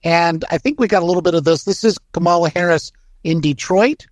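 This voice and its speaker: A man hosting a casual political talk show, agreeable and quick to chime in with assent. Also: a little high, no room sound, clean studio sound. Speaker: show host.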